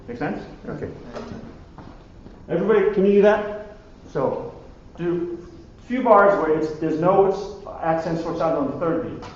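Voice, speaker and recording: A man's voice: a little high, lively intonation, a little slow, long pauses. Man singing counts in an echoey hall. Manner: counts and sings rhythms aloud, calls out cues. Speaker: conducting teacher. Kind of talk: rehearsal coaching with sung counts. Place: large echoey rehearsal hall. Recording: roomy hall sound, slightly dull. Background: orchestra playing.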